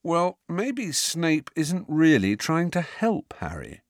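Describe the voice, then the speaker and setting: A man reading an audiobook, voicing a stubborn, suspicious teenage schoolboy who speaks slowly and darkly. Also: mid-range voice, expressive, dry recording, clean studio sound. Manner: slow, dark and stubborn.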